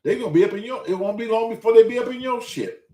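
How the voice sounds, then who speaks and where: A man's voice: high-pitched, quick pace, warm tone, recorded from a distance. A man hosting a talk show, telling a story in a casual, profane and emphatic way. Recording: roomy echo.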